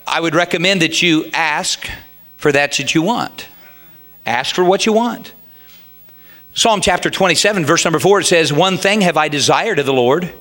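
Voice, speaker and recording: A man's voice: high-pitched, sharp tone. A middle-aged man, a pastor, preaching a sermon in a folksy, humorous way that rises to fervent pleas.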